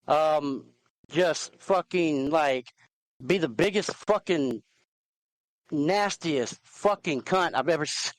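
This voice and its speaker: A man with a high voice rants furiously on a live talk show, swearing constantly. The sound is dry and close, with no room around it. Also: no room sound. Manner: angry, profane ranting. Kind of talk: heated live chat.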